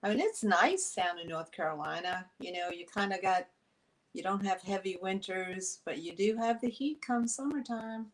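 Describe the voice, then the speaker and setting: A woman from New York with a New York accent, running a chatty live sale of vintage items into her phone, filling pauses with ums. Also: mid-range voice, expressive, poor audio. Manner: chatty, friendly, many fillers. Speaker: online vintage seller.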